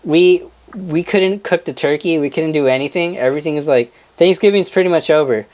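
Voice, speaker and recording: A man's voice: fairly high pitch, a little fast. A young man on a casual podcast, telling a family story with lots of swearing and laughter and acting out relatives' voices. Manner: animated, acts out family members' voices, swears freely, laughs mid-story. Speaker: podcast co-host.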